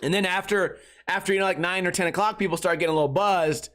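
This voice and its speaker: A man in his thirties with a somewhat high voice hosts a loose comedy podcast. He rambles crudely and swears freely, stringing his thoughts together with constant filler words. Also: fairly even intonation, quick pace, a bit bright. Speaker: podcast host. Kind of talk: casual comedic podcast monologue.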